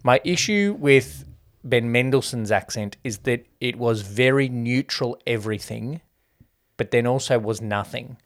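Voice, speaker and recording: A man co-hosts a laid-back film review podcast, chatting away and quoting people in mock voices. His mid-range voice is animated and moves at a measured pace.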